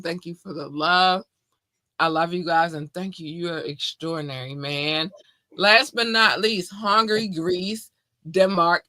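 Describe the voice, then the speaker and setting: A woman's voice: lowish voice, dry recording. A woman co-hosting a casual podcast, effusive and playful, speaking. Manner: bubbly and effusive, shouting out listeners. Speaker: podcast co-host.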